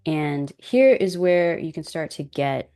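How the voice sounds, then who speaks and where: A woman with African American English chatting casually as a guest creator, relaxed and self-deprecating, laughing often as she explains. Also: sits low, slow. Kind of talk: casual tutorial chat.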